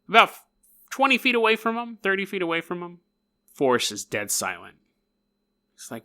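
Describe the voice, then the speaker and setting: A man's voice: on the high side, normal speed, long pauses. A man hosting a podcast, retelling a strange story with jokes and acted-out quotes. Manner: jokey, animated, acts out quotes. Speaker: podcast host. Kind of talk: comedic storytelling.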